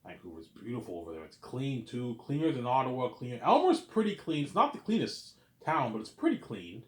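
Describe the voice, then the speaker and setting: A Canadian vlogger talks fairly quickly in a medium-pitched, sing-song voice, rambling and repeating himself in a casual monologue. He swears offhandedly, frequently asks "you know what I'm saying", and sounds reverberant.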